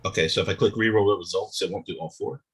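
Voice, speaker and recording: A man's voice: deep voice, fast, slightly rough. A man playing in a tabletop game, chatting casually with hesitant, stumbling phrasing. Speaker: player.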